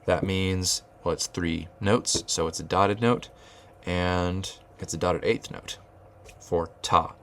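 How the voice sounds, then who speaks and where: Deep, gravelly-voiced man teaching rhythm. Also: fairly even intonation, slow pace, a bit bright, a little hiss or hum. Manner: thinking aloud with many fillers and restarts; chanting rhythm syllables. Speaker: music teacher. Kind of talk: whiteboard rhythm lesson.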